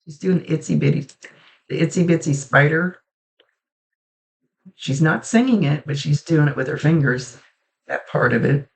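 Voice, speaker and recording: A woman psychic medium talks through a reading in a casual, halting way, often breaking off and restarting her sentences. Her voice has a gravelly, creaky edge. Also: low voice. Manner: halting, restarts sentences, relays messages in a soft conversational way.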